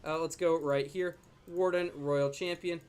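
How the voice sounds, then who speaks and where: A man's voice: on the high side, fairly even intonation, measured pace, clear, resonant tone. A young man casually commenting on his own gameplay as a video host, chatty and joking. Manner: chatty, jokey, talks to his dog in a soft baby voice. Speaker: gaming YouTuber.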